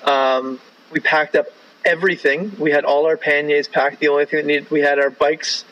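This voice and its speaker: A man's voice: fairly high pitch, little pitch movement, moderate pace, a bit bright, lo-fi sound. A man from Canada telling a long travel story in a casual, rambling way, full of "like" and "right?".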